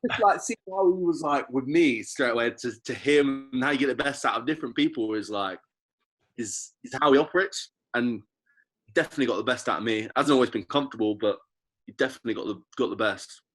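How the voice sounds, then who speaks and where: A man in his twenties, a professional athlete, speaking as a guest in a casual podcast interview, reflective and animated when he tells stories. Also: mid-range voice, quick pace. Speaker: guest, professional rugby player.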